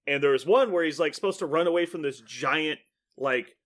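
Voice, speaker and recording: A man hosting a podcast in casual chat, an animated storyteller who rambles with lots of "like" and laughs often. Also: a little high, fairly quick. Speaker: podcast host.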